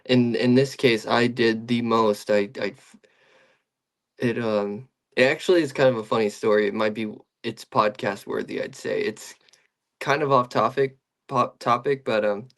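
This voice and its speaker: A man's voice: medium pitch, fairly even intonation, moderate pace, a bit bright. A young man in casual podcast chat, telling a long story with many restarts and fillers.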